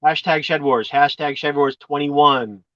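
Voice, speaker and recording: A man's voice: on the high side, steady tone, unhurried, pushed and bright, no echo, dull audio. A man chatting as a guest on an online video call, joking around and rambling with restarts. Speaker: guest YouTuber. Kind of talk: casual online chat.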